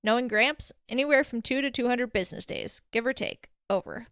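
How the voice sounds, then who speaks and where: A woman voicing a cheerful middle-aged male ghost soldier on the radio, rough and upbeat with a slight Southern twang. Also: on the high side, fairly quick, a bit bright, no room sound, studio quality. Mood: brisk upbeat. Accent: slight American Southern twang.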